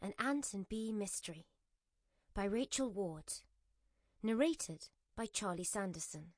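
A woman narrating an audiobook with measured, even storytelling. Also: medium pitch, no room sound, studio quality.

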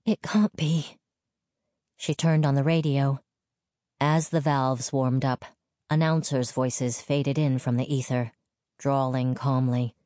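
A woman reading a novel aloud in an even, measured storytelling manner. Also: extremely low pitch, no room sound, studio quality. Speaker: audiobook narrator. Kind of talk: scripted narration.

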